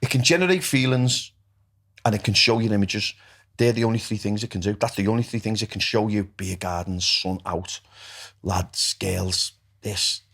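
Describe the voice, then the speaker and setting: Husky scouse guy, blunt and sweary, talking recovery on a podcast. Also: lowish voice, normal speed. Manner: blunt, swears freely, animated. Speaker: guest, recovery coach. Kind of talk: podcast conversation.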